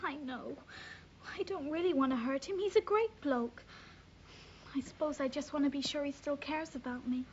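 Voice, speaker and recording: A woman's voice: high voice, moderate pace, natural voice. An actress playing a sixteen-year-old runaway schoolgirl who craves attention, in a 1980s TV comedy-drama. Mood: quiet. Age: teens. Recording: dull lo-fi TV audio, faint hiss.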